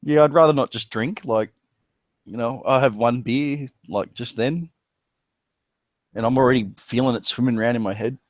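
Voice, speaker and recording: A man's voice: mid-range voice, moderate pace, dry recording. A man with an Australian accent, chatting casually and rambling, with crude jokes. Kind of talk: casual chat.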